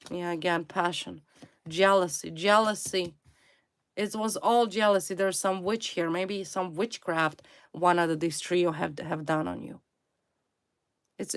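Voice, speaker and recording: A woman giving a tarot reading to her viewers, stressing her points by repeating single words. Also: fairly low pitch. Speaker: tarot reader.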